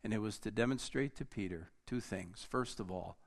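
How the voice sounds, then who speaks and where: A man preaching a sermon, slow and deliberate, rising in force and then dropping almost to a hush. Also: on the low side, gravelly. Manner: slow, deliberate preaching that rises and drops to near-quiet.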